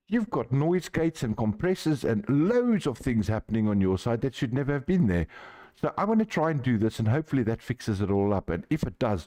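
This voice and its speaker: A man's voice: mid-range voice, mellow. A man with a South African accent hosting a live sim racing broadcast, upbeat and chatty. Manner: upbeat, chatty, fixing tech issues on air. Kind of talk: live esports commentary.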